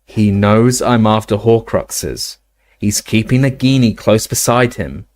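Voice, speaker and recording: A man's voice: lowish voice, measured pace, a little mellow, lightly acted. A man voicing a determined teenage boy wizard hero in an audiobook reading, earnest and urgent.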